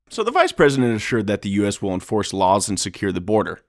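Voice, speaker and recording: A man's voice: on the low side, fast, hardly any pauses, no echo. Guy hosting a podcast, dry sarcastic delivery, voice bouncing up and down a lot. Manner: deadpan sarcastic, mock-serious. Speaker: podcast host. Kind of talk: sarcastic political comedy chat.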